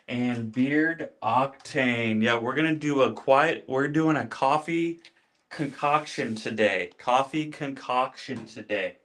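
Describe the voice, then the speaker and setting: A man's voice: medium pitch, a bit bright. A man hosting a casual livestream, chatting with viewers while demonstrating his beard care routine, greeting people by name and repeating his phrases. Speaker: livestream host.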